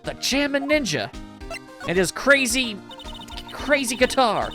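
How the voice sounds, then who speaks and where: A man voicing an eager, excitable little girl. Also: very high voice, a little slow, soft background music, pitched above the performer's own voice, exaggerated voice. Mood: curious. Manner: eager, bubbly.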